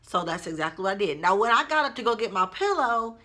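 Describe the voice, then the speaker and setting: A woman telling a story to her viewers in a casual vlog, chatty and expressive, talking straight to her audience. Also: mid-range voice, quick pace. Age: adult mother. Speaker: vlogger.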